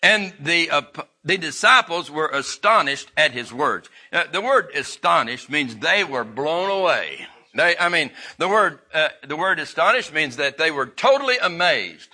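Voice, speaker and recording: A man's voice: a little high, expressive, moderate pace, few pauses, pushed and bright. A man preaching a sermon in a folksy way, with restarts and chuckles.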